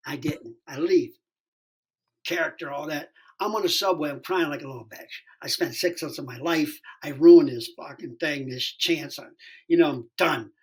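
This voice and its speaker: Husky-voiced man telling a rowdy story. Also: fairly high pitch. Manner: profane, acts out the dialogue in his story. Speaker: podcast guest, stand-up comedian. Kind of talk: animated anecdote telling.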